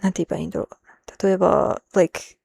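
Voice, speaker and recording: A woman's voice: fairly low pitch, level tone, drawn-out words, creaky, dark tone, slightly rough. A woman on a casual live stream, thinking aloud as she translates, switching between Japanese and English and laughing often.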